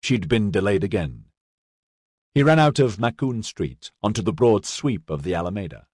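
Expressive male audiobook narrator. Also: on the low side, husky, no echo, clean studio sound. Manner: expressive, measured reading. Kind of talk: scripted narration.

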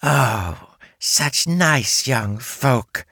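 A man voicing a giant grieving mother spider with a hissing, drawn-out voice in an audiobook. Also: fairly low pitch, vocal fry, fairly bright tone, slightly rough, no echo, clean studio sound, voice pushed up, exaggerated voice. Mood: surprised. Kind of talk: audiobook character voice.

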